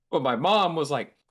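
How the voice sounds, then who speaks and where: A young man hosting a podcast tells a long, meandering story in casual chat, swearing freely and laughing as he goes. He acts out the voices of people he quotes, speaking with a fairly high, slightly rough voice.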